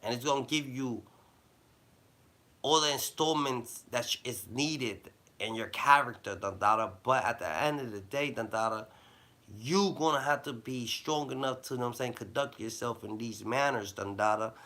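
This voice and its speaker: A man giving rambling motivational advice in loose slang, with a habitual "da, da, da" filler, dropping low and then bursting louder. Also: normal speed. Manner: loose slang-heavy talk with a repeated "da, da, da" filler; swings between low mumbling and loud bursts. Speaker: vlogger giving life advice.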